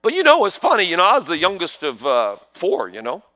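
A middle-aged man preaching a sermon, swinging from hushed asides to loud proclamations and asking the congregation questions. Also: sits high, wildly swooping pitch, fairly quick. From New York. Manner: peppers talk with rhetorical questions to the congregation.

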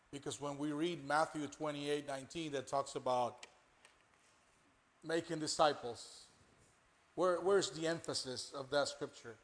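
A man, a pastor, explaining scripture emphatically and repeating his key point. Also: medium pitch. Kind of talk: sermon-like discussion.

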